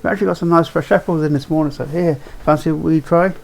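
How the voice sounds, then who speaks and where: A man's voice: on the high side, fairly even intonation, fast talker, vocal fry. A man voicing a jovial middle-aged market trader and father, friendly and hearty. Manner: hearty and friendly, calls people lad.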